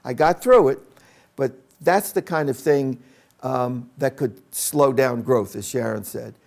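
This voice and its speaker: A man's voice: mid-range voice, unhurried, vocal fry, a little mellow. An older man, an educator, telling a personal story about his schooldays in an anecdotal way, acting out the people in it. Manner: anecdotal, with acted-out quotes.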